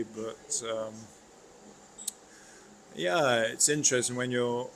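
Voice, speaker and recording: A man's voice: medium pitch, fairly bright tone, rough recording. Laid-back British man with dry humour. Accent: British English. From Britain. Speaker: guest YouTuber. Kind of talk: casual live stream chat.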